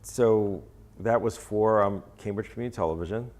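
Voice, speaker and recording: A man being interviewed about his photography, talking in a hesitant, rambling way with many pauses. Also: fairly low pitch, a little mellow. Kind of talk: casual interview.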